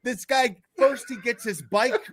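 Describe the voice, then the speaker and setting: A man's voice: very high-pitched, a little slow, fairly bright tone, slightly rough, no echo, studio quality. A man co-hosting a podcast, ranting in profane casual chat and laughing as he talks. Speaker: podcast co-host.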